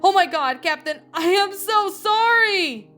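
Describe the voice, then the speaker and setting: A woman's voice: medium pitch, fairly even intonation, normal speed, faint music behind, lightly acted. A woman reading a fan story aloud, voicing a tough young woman survivor who is grieving. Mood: upset.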